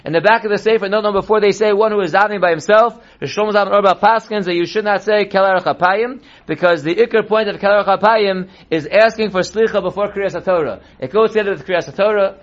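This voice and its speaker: A man teaching a text-based class as a rabbi, reading passages slowly and then explaining them in a plain tone. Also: sits high. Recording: dull lo-fi recording.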